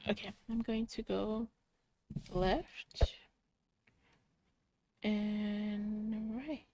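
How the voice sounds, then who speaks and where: A young woman slowly talking kids through a coding puzzle, muttering each step and cheering when it works. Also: mid-range voice, rough recording. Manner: cheerful, muttering steps aloud, excited yays. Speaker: coding club instructor. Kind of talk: slow think-aloud coding walkthrough for kids.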